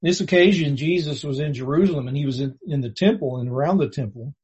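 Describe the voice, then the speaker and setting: Plainspoken man preaching with a breathy voice. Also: fairly high pitch, fast, darkish tone, muffled recording. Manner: earnest, plainspoken, restarts words, rises when quoting scripture. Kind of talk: sermon.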